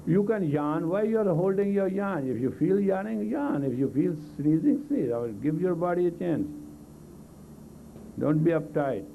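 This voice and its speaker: A man's voice: a little high, expressive, normal speed, gravelly, slight background noise. A man leading a live group exercise class, giving blunt, coaxing commands in non-native English grammar. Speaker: meditation teacher. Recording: tinny lo-fi 1980s tape of a live talk.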